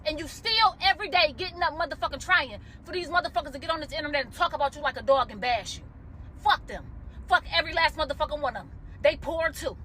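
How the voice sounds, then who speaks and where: A woman's voice: high-pitched, animated, quick pace, sharp tone, slight background noise. A woman giving an emotional, profane rant to camera from a car, heated and close to tears. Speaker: commentator reacting to a viral video.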